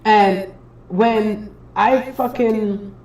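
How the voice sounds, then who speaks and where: A woman's voice: mid-range voice, steady tone, very slow, darkish tone, reverberant, far from the mic, rough recording. A young Trinidadian woman, a spiritual reader hosting a casual livestream, tells a story in an emphatic, profane way, repeating phrases for effect.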